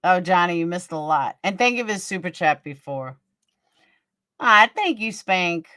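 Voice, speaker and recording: A woman's voice: fairly low pitch, animated, moderate pace, bright, forceful tone, no echo, clean studio sound. A woman hosting a casual livestream, blunt and profane, gossiping and answering viewers by name. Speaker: livestream host. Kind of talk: casual livestream chat reading viewer comments.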